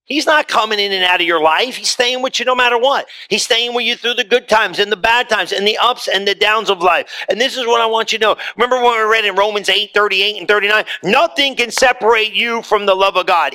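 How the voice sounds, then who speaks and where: A man preaching a sermon as pastor, swinging from forceful lines to hushed ones and repeating words as he builds. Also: sits high, brisk.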